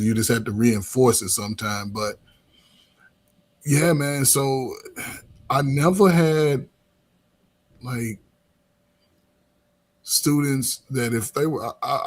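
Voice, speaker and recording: Husky middle-aged guy rambling casually about coaching, says "man" a lot, keeps restarting. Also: mid-range voice. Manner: loose and talkative, peppered with "man" and restarts. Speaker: coach and former teacher. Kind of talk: casual podcast conversation.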